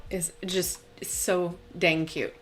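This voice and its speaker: A young woman hosting a tarot live stream, talking casually and bubbly, laughing often and filling pauses with "um". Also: lowish voice, flat delivery, noisy background. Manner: chatty, bubbly, laughs often, many fillers. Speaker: tarot channel host.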